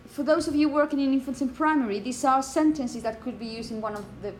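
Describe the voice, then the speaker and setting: Speaking fast in a high voice, this phonetics instructor walks a class of teachers through the material one step at a time. She chants sample phrases to show rhythm and keeps checking understanding with "okay?" and "yeah?".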